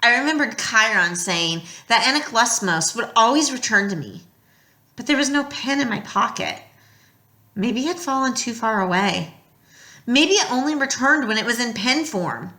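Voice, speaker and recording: Lively expressive woman reading a story. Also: fairly high pitch, normal speed, roomy sound. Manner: expressive storytelling, drops quiet at tense moments. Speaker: audiobook reader. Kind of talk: first-person novel narration.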